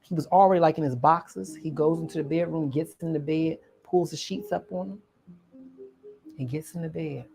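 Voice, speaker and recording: A woman's voice: deep voice, fairly even intonation, fairly quick, over music. A woman telling a personal story, dramatic and vivid, acting out each scene and calling the listener honey. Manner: dramatic, acts out scenes and voices.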